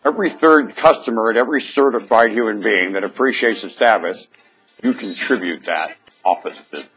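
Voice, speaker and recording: A man delivering a preachy ranting monologue into a webcam at home, jumping between shouted outbursts and low mutters and firing rhetorical questions at the listener. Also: fairly quick, faint music behind. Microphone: webcam microphone.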